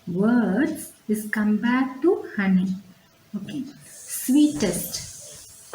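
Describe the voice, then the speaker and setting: A woman walks through a grammar lesson at an unhurried pace, repeating each word form. Her voice is mellow and soft-edged. The room around her is echoey, with a faint background hum. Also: a little high. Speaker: teacher.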